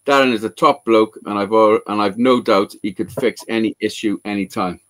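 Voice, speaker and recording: A man who repairs guitars, telling a story in casual live-show chat with lots of swearing and excitement. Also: lowish voice, moderate pace.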